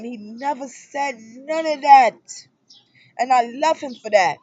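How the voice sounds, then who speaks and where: A woman in her thirties talking casually to camera about her relationship, in an animated storytelling manner that jumps up loud for emphasis. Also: sits high, slow pace, no echo, dull audio. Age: 30s. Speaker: spiritual vlogger. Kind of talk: casual personal monologue.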